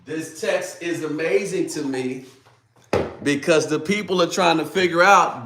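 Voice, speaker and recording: A man preaching a daily devotional sermon, emphatic and swinging from loud declarations to hushed asides. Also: a little high, unhurried, a little hiss or hum. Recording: roomy echo.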